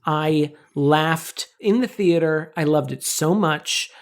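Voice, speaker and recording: A co-host in their thirties chatting casually about a movie, animated and jokey. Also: medium pitch, slow pace. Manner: animated, jokey, quotes lines in silly voices. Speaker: podcast co-host. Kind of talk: casual movie-review chat.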